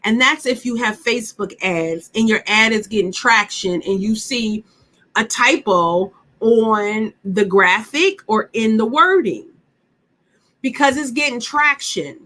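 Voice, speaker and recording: A woman's voice: on the high side, animated, a little slow, bright, forceful tone. A woman leading a live online workshop, talking emphatically and chattily, repeating her points and asking the audience direct questions. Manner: talks straight to the audience with questions. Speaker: workshop instructor.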